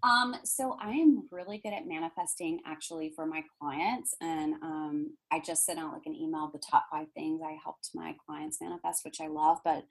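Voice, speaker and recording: A woman, a podcast guest telling stories in animated chat and acting out other people's lines. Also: low voice, moderate pace, gravelly, hardly any pauses, breathy edge, poor audio. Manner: animated, acts out others' voices, fillers and restarts. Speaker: podcast guest, manifesting coach. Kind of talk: casual storytelling chat.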